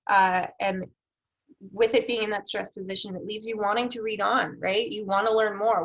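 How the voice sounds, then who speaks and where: Speaking at a normal speed in a steady, slightly bright medium-pitched voice, a woman teaches a recorded lecture on proposal editing. The recording quality is low, and as a research development instructor she goes step by step, with rhetorical questions and many fillers.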